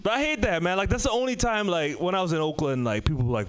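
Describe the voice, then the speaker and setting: A man from Trinidad performing stand-up comedy. His voice sits high and swings widely in pitch as he tells loud, profane stories. The delivery is animated, with a club crowd's laughter sounding from further off. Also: quick pace, few pauses. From Trinidad and Tobago.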